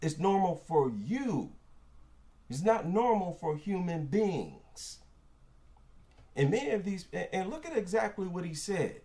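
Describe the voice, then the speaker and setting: A man's voice: high-pitched, expressive, unhurried, warm tone. A man giving opinion commentary in an emphatic, indignant way, repeating lines for stress.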